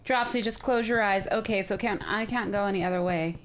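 A woman hosting a let's play, chatting excitedly and often sounding confused as she plays. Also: mid-range voice, a little fast, slight background noise. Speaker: gaming video host.

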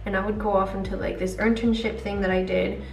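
A woman's voice: mid-range voice, little pitch movement, fairly quick, vocal fry. A young adult woman vlogging chattily while doing her makeup, rambling with lots of fillers. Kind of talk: chatty get-ready-with-me vlog. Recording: roomy echo, distant mic, faint music.

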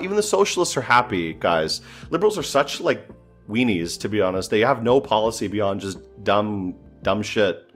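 A man's voice: lowish voice, lively intonation, normal speed, fairly bright tone, faint music behind. A man giving casual, joking commentary while playing a strategy game, thinking aloud and sounding exasperated. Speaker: gameplay streamer.

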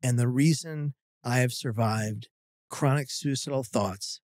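A man's voice: medium pitch, unhurried, no room sound, studio quality. A man, a podcast guest telling a funny story with acted-out quotes. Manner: animated storyteller, acting out quotes.

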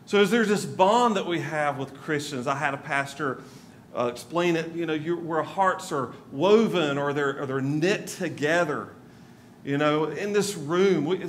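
A man's voice: on the high side, a little hiss or hum. A male pastor from North Carolina, giving a conversational sermon with asides to the congregation in a church. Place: church sanctuary.

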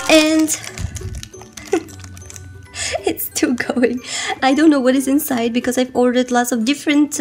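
A woman's voice: sits high, a little hiss or hum. A woman hosting an unboxing vlog, a little sick and slightly out of breath, giggling and gushing over each item as she draws out repeated words. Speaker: host.

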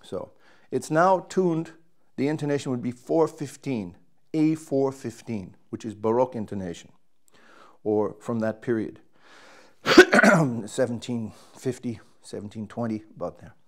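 A man's voice: mid-range voice, lively intonation, a little slow, a crowd in the background. A man, a trumpet player, casually explaining and demonstrating his instrument, thinking aloud as he works and restarting his sentences.

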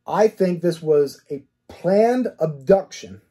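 Husky-voiced man analyzing a cold case. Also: on the high side, expressive, takes it slowly, mellow. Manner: reasons step by step with rhetorical questions and repeated "okay?".

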